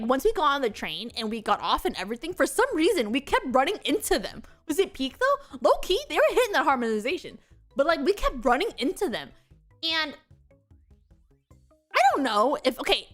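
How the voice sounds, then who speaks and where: A young American woman streamer chatting casually, telling animated travel stories with frequent giggles. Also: sits high. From United States. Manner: giggly, animated storytelling with quoted voices. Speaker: VTuber streamer. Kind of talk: casual chat.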